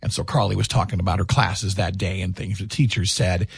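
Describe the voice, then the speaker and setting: Brief: middle-aged male radio host, husky gravel, dry studio close-mic, lively storyteller. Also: sits low, brisk, no echo. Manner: animated storyteller. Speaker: radio morning show host. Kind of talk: morning radio chat. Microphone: studio microphone.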